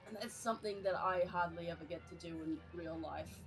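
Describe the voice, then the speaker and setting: A woman's voice: fairly low pitch, fairly quick, music in the background, low-quality recording. A woman streaming a game and chatting casually, hesitant, with many fillers, restarts and laughs. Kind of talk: casual chat while gaming.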